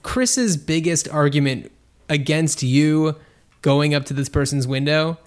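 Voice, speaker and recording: A man's voice: fairly high pitch, measured pace. A man co-hosting a podcast, rambling and thinking aloud in casual chat, with lots of fillers. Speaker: podcast co-host.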